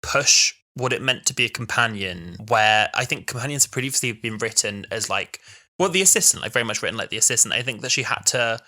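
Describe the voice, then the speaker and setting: A man in his twenties co-hosting a podcast, telling stories in animated casual chat. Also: medium pitch, a little fast. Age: 20s. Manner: animated storytelling, acts out quotes. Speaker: podcast co-host.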